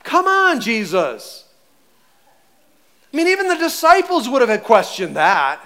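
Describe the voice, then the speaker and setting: Animated high-voiced male pastor. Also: measured pace. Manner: animated, conversational, acts out voices. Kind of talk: sermon.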